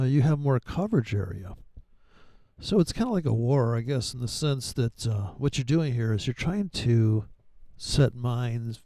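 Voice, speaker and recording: Brief: gravelly, dark-voiced male trading educator, profane and sarcastic, dry close mic. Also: mid-range voice, dry recording. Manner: rambling, profane, sarcastic asides. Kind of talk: casual profane trading commentary.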